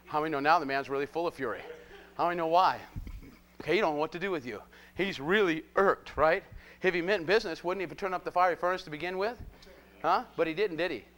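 A man preaching a live sermon, animated and jokey, constantly prodding his listeners with rhetorical questions. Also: fairly high pitch, fast talker.

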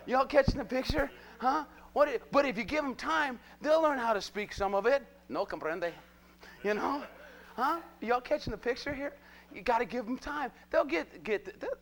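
A man preaching a live sermon, animated and jokey, constantly prodding his listeners with rhetorical questions. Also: very high-pitched.

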